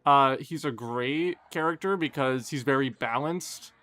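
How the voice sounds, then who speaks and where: A young man, streaming a game live and chatting casually and quickly with his viewers, joking at his own expense. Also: medium pitch, a bit bright, dry recording. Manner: fast, casual, self-deprecating chatter. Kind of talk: live gameplay commentary and chat Q&A.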